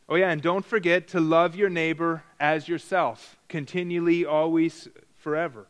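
Fairly high-voiced male preacher teaching. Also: fairly even intonation. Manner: deliberate, stresses key words through repetition; frequent restarts and self-corrections. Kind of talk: verse-by-verse Bible teaching.

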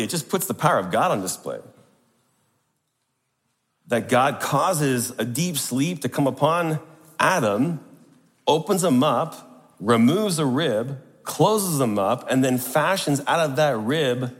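A man's voice: mid-range voice, in a large hall. A man preaching a sermon to a congregation, emphatic and posing rhetorical questions.

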